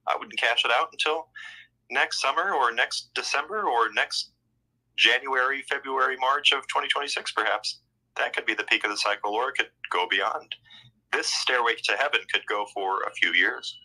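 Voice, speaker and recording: Brief: man, mid pitch, very bright and forceful tone, loose rambling talk over an online call. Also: moderate pace, low-quality recording. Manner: rambling, repeats phrases. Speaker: guest speaker. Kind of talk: casual talk on a live audio room.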